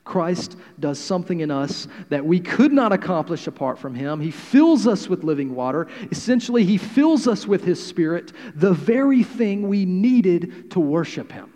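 Brief: thirties male pastor, slightly high voice, joking sermon delivery, long hall reverb. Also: big pitch swings, normal speed, hardly any pauses. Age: 30s. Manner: conversational and humorous, swings between loud and quiet.

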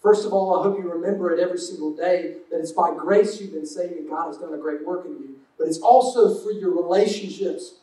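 A man's voice: high voice, warm tone, recorded from a distance. A man preaching a sermon as pastor, conversational and jokey, acting out little everyday exchanges. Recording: roomy sound from off mic.

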